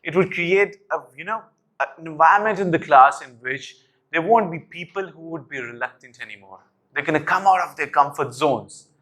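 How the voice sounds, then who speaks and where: A man's voice: on the high side, moderate pace, sharp tone. A young man explaining a classroom activity to teachers with energy, calling them "guys" and answering his own questions. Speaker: teacher trainer.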